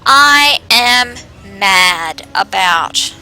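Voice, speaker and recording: A woman's voice: fairly high pitch, sing-song, unhurried, sharp tone, faint music behind, poor audio. A woman casually playing a video game, reading the quest text aloud and chatting with asides. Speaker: game streamer.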